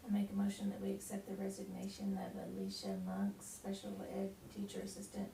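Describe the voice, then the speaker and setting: A woman on a school board, reading motions in a plain, steady way. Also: mid-range voice, brisk, vocal fry, a little hiss or hum. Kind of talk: formal meeting motions. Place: meeting room. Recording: echoey room, distant mic.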